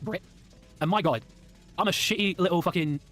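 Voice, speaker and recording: A man's voice: high voice, moderate pace, a bit bright, soft background music. An English man delivering a heated, indignant commentary rant with lots of swearing. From England. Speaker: commentary guest. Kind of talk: ranting commentary.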